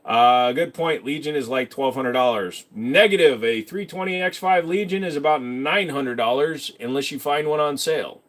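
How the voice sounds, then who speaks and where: A man's voice: medium pitch, normal speed, hardly any pauses, a bit bright. Man, livestream host, casual chat, joking, self-mocking, reads questions aloud, detailed answers. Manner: knowledgeable about handguns, explains in detail.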